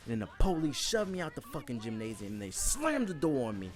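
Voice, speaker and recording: A man's voice: mid-range voice, very animated, quick pace, slight background noise. A young man telling a comedic, profane story from his school days, laughing often and acting out other people's voices.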